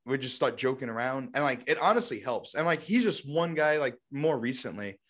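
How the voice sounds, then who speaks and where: A young man chatting casually on a podcast in a middle-pitched voice. He rambles, piling on filler words. He keeps it loose and conversational. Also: a little fast, a bit bright. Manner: rambling, heavy with fillers like "like" and "you know". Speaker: podcast co-host. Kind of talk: casual chat.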